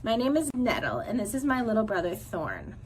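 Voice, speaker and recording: A woman plays a bossy young she-bear from a storybook, her words dripping with sarcasm. She snaps at her brother and threatens with a lively, pointed delivery. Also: a little high, a little fast, a little hiss or hum. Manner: sarcastic, snappish.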